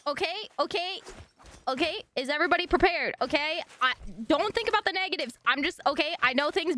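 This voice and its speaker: A woman's voice: high voice, sharp tone. A woman streamer chatting casually and animatedly, laughing often and swearing freely.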